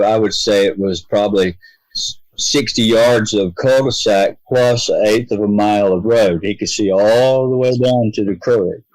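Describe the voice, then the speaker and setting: Man telling a story, low dry voice. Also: a little mellow, dry recording, low-quality recording. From United States. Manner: earnest, halting storyteller acting out dialogue. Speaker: podcast guest.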